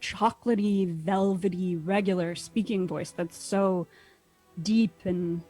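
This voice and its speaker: A woman's voice: lowish voice, steady tone, takes it slowly, dark tone, faint music behind. A woman co-hosting a comedy stream, teasing the others in a mock-earnest way. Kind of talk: playful banter on a stream.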